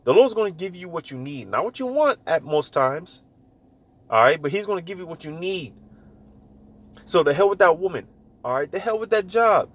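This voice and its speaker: A man giving a casual, animated spoken sermon, with loose talk full of fillers and repeated words. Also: high voice, normal speed. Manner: repeats words while searching. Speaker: lay preacher.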